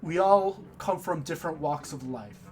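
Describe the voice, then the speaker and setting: A man narrating as game master of a tabletop game, speaking in slow, deliberate phrases with many pauses. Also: on the high side, animated, a little mellow, soft background music.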